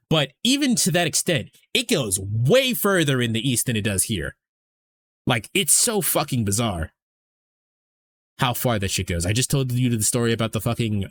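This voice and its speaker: Casual, profane man chatting on stream. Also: mid-range voice. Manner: rambling, profane, conversational. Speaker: streamer host.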